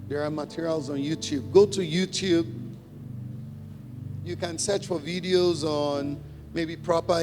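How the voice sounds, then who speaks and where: Male pastor with a high voice, conversational and given to repeating points, recorded in a reverberant church hall with faint music. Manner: conversational, laughs often, repeats for emphasis. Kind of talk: teaching sermon.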